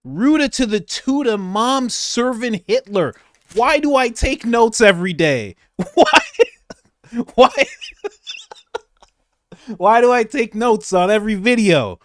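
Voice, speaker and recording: A man's voice: high voice, animated, measured pace. Laughing, incredulous man reacting to clips. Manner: laughing often, incredulous and mocking. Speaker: commentary channel host. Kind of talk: reaction commentary on political clips.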